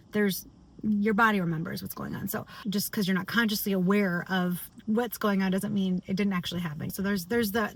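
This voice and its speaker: A woman's voice: mid-range voice, a bit bright. Woman candidly sharing in a vlog. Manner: open, confessional, emotional. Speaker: vlogger and singer. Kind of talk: candid personal video diary.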